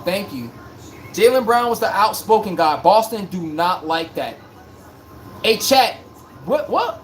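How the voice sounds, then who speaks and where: A man's voice: sits high, slow pace, pauses often, a little hiss or hum. A man hosting a live-streamed basketball talk show, talking bluntly in slang and answering his chat. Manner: blunt, animated, slangy, talks straight to chat. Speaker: sports podcast host.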